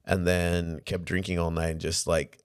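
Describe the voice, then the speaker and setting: Deep-voiced laid-back guy telling a story. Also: monotone, normal speed, smooth. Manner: laid-back, swears, many fillers. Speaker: podcast co-host. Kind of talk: casual storytelling chat.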